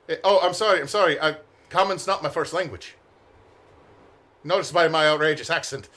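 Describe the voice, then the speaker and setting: A man's voice: on the high side, normal speed, pauses often, fairly bright tone. A man voicing a tall, nosy out-of-town man with a thick put-on accent and a blunt, teasing manner.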